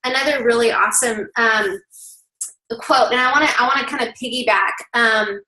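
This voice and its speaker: A woman in her thirties leading her team on a video call, telling a story with lively energy and talking straight to her listeners. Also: a little high, normal speed, echoey room, rough recording. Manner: animated storytelling, addresses listeners directly. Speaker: team leader.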